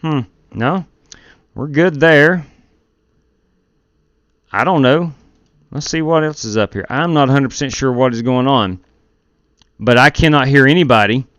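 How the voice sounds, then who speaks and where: A man's voice: medium pitch, measured pace, pauses often, fairly bright tone, dry recording. A man hosting a sim racing live stream through a gaming headset, chatting casually with viewers while running the race lobby.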